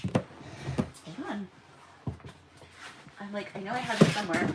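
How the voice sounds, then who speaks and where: A woman's voice: medium pitch, slow pace, heavy background noise. A young woman chatting to viewers on a live stream while packing orders at home, talking freely as she works. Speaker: small shop owner packing orders. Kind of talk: casual live-stream chat.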